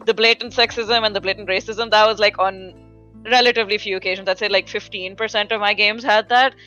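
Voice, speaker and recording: Woman podcast guest with a slight accent, bright tone, dull lo-fi recording, rambles casually. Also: medium pitch, fairly even intonation, brisk, soft background music. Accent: slight foreign accent. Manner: rambling, filler-heavy, frequent "like". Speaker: podcast guest, fighting game commentator. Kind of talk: casual chat.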